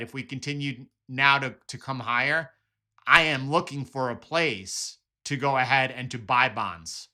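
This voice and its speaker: Very bright-voiced male market commentator. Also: mid-range voice. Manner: conversational, many restarts and repeated words. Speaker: market analysis host.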